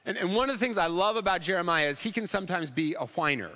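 A man's voice: high-pitched, animated, fast talker, sharp tone, big-room sound. A man preaching a sermon in a church, conversational and humorous, acting out quotes along the way. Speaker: pastor.

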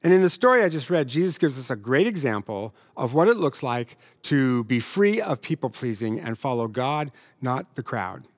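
A pastor preaching a sermon in a conversational, humorous way, now and then putting on complaining voices. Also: male voice, medium pitch.

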